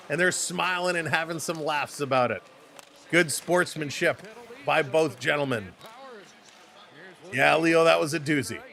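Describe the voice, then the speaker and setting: Excitable Canadian play-by-play man. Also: on the high side. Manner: fast, excitable calls, greets chat viewers. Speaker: play-by-play host. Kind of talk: livestream sports commentary.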